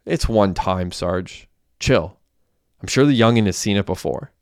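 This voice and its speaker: A man's voice: fairly low pitch, measured pace, smooth, dry recording, studio quality. A man voicing a reckless, brash young man who talks cockily and swears a lot. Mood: cocky. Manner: cocky and swearing.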